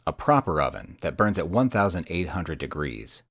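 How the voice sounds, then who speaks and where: Male audiobook narrator, very low voice, dry sardonic delivery, close dry studio sound. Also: big pitch swings, moderate pace, fairly bright tone, no echo. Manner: wry and sardonic. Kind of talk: first-person audiobook narration.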